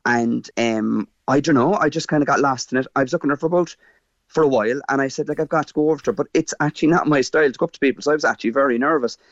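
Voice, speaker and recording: Irish man, 50s, Cork accent, animated halting storyteller, muffled dry line. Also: mid-range voice, dry recording. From Ireland. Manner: animated, halting with fillers and restarts. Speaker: guest. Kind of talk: casual interview storytelling.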